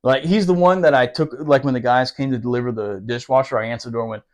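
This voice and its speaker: A man telling a rough, profane story from his military days in casual podcast talk, laughing and doing quick impressions. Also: medium pitch. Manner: profane, animated, laughing, fast asides.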